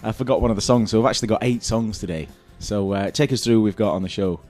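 A man's voice: fairly low pitch, fast, a little mellow, soft background music. A man from England co-hosting a radio show in a small studio, chatting casually and rambling through stories with restarts. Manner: rambling, self-interrupting storyteller. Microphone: studio mic with headphones.

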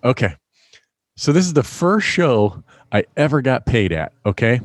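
Brief: middle-aged male stand-up, animated storyteller, lively pitch, dry close mic. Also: normal speed, no room sound. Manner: animated anecdote-telling, laughs often, acts out voices in quotes. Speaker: stand-up comedian, guest. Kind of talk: storytelling in a podcast interview.

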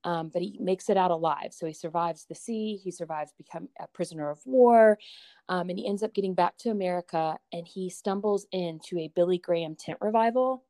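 A woman's voice: on the low side, a little fast, mellow, dry recording. A woman chatting casually as a podcast guest, upbeat and laughing easily. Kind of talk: casual interview chat.

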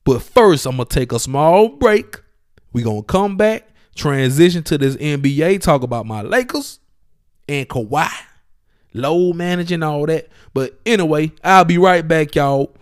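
Animated male sports podcast host. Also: fairly high pitch, measured pace, smooth, dry recording, studio quality. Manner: animated, slangy, talks straight to listeners. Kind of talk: casual sports podcast monologue.

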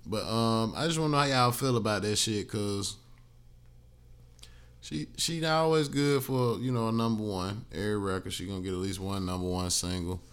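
A man's voice: on the low side, normal speed, clean tone. A young man hosting a solo podcast, talking bluntly and profanely in a loose conversational rant, tired and yawning after a flight. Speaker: podcast host.

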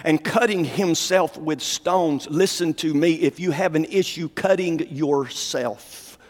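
A male preacher delivering a fervent sermon, dropping to low asides and rising to shouted declarations. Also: slow, long reverb tail.

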